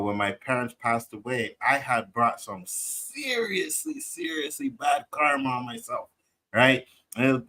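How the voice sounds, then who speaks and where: Guy telling a story on a chill podcast panel, keeps saying right?, normal pitch. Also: pushed and bright, low-quality recording. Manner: storytelling, asks "right?" often. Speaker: podcast co-host. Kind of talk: casual panel chat.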